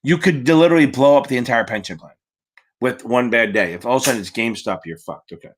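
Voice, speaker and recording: A man's voice: mid-range voice, quick pace, husky. A man running a casual live-stream Q&A for exam prep, chatty and profane, answering viewers from the chat by name.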